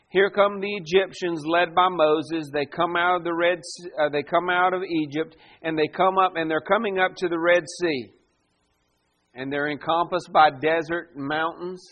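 Pastor pria berkhotbah penuh semangat. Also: male voice, on the high side, fairly bright tone, muffled recording. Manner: preaching with dramatic swings in volume and acted quotes. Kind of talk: sermon.

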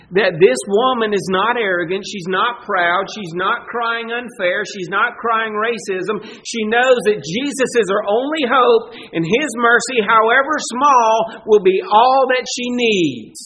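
A man preaching a sermon as pastor, emphatic and swelling louder on his key points. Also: sits high, takes it slowly, slight background noise, low-quality recording.

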